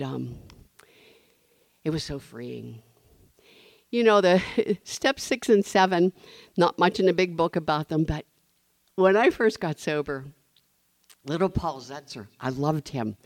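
A woman's voice: sits low, creaky, no room sound. A woman speaking to a recovery meeting, telling her story expressively and acting out the people in it. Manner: expressive storyteller, acting out quoted voices, laughing often. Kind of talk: personal testimony to a group.

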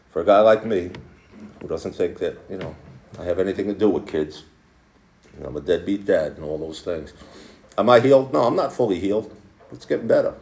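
Low-voiced man in his sixties, roomy echo. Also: dark tone. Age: 60s. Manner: candid storytelling, halting restarts. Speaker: speaker at a recovery meeting. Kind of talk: personal testimony to a group. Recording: echoey room.

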